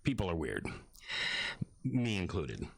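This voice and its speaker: A man's voice: low-pitched, huge pitch swings, slow, gravelly, darkish tone, husky, no echo. A man and radio host telling a long personal story in casual chat, rambling, restarting, and acting out what others said to him. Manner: rambling, self-interrupting storyteller who acts out quotes. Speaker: radio host talking about his book.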